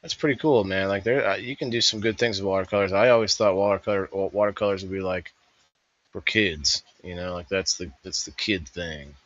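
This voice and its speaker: A man's voice: low voice, fairly quick, a bit bright, dull audio. A man hosting a casual review, thinking aloud in a rambling voice-over. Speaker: host reviewing a vendor fair.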